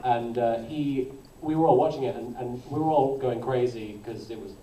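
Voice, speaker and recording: A man's voice: medium pitch, normal speed, mellow, slight background noise. A man on a convention panel chatting casually, rambling and correcting himself as he goes. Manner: rambling, self-correcting, laughs often. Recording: roomy hall from far off, crowd behind.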